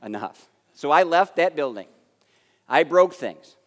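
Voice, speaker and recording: An American man giving a conference keynote, telling a story with lively acted-out dialogue that swings between loud and soft. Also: fairly high pitch, a little slow. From United States. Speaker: keynote speaker. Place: large conference hall. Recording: long hall reverb.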